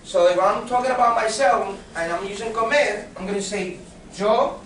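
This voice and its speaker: Patient male teacher, high-pitched, lecturing in a class, heard from across a reverberant room. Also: moderate pace, a bit bright, a little hiss or hum. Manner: patient, checks for understanding with "okay?" and questions. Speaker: Spanish teacher. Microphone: recorded from across the room. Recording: echoey classroom from a distance.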